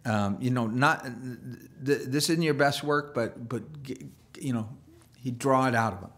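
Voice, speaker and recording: A man's voice: medium pitch, measured pace, fairly bright tone. A man preaching a sermon as a pastor, in a loose conversational way with restarts and playful asides.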